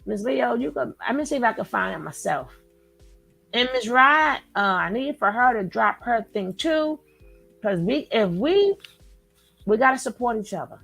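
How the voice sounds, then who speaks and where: A woman hosting a live stream, chatting casually and effusively with her viewers and shouting them out by name. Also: on the high side, sing-song, moderate pace, vocal fry, breathy edge, faint music behind, low-quality recording. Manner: effusive, talks straight to chat, shouts out viewers. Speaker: livestream host.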